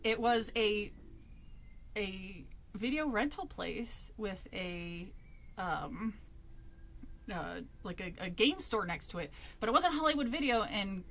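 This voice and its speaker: A woman's voice: medium pitch, expressive, slow pace, a bit bright, a little hiss or hum. A woman streamer casually telling a personal story, laughing often and swearing freely.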